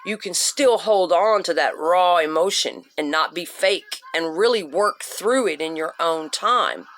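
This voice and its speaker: A woman's voice: fairly low pitch, unhurried, a bit bright, a little hiss or hum. Blunt, swearing woman ranting to camera. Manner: blunt and profane, punchy repetition. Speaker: vlogger giving self-help advice. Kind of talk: emphatic motivational rant.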